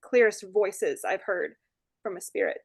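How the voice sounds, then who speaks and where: A woman, a paranormal investigator, adding details quickly and matter-of-factly in a casual interview. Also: medium pitch, expressive, gravelly, darkish tone, husky, no room sound, clean studio sound. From Canada.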